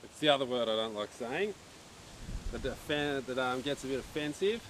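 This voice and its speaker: A man with a medium-pitched, fairly bright voice and lively intonation hosts an archery live stream outside in the wind. At a moderate pace he chats, jokes, and reads viewers' messages out loud, as wind noise sounds around him.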